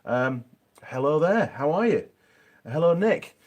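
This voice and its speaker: A man's voice: a little high, very animated, measured pace, a little mellow. A man with a Yorkshire accent chatting casually on a live stream from his home workshop, reading out viewer comments with plenty of ums.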